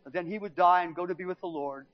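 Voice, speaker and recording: A middle-aged man preaching, telling a lively personal story from the pulpit and acting out what his family said. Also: sits high, quick pace. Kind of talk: sermon testimony storytelling. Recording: dull lo-fi recording.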